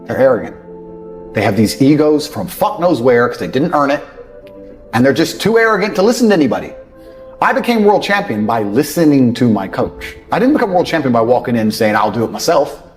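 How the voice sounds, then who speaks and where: Profane, scornful man, lively pitch. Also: fairly quick. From England. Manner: profane, scornful, mocks others in put-on voices. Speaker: motivational speaker. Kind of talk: blunt motivational rant. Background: faint background music.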